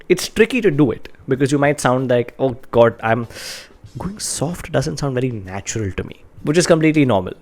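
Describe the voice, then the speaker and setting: A man's voice: medium pitch, a little mellow. A man explaining voice exercises in an earnest, instructional way, stressing key words. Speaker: communication coach.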